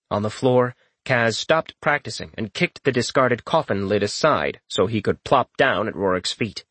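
Male audiobook narrator, steady delivery, dry booth sound. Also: mid-range voice, no room sound. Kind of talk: scripted fantasy narration.

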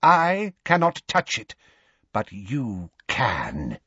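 A man voicing a cruel male dark wizard in a high, cold voice empty of kindness, speaking slowly and with menace. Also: wildly swooping pitch, slightly rough, no echo, full character voice. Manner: slow, menacing, drawn-out. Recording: dull lo-fi recording.

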